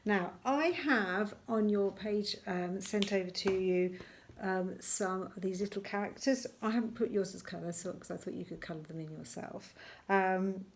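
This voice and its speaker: Woman, primary teacher, remote lesson for small children: gentle, encouraging, middle pitch, slows down to dictate as she writes. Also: slight background noise. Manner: gentle and encouraging, slowing to dictate words while writing.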